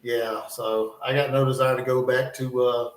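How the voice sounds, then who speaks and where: This live-stream host speaks with a medium-pitched, flat delivery at a moderate pace, chatting casually and rambling along. The audio has a roomy, off-mic quality.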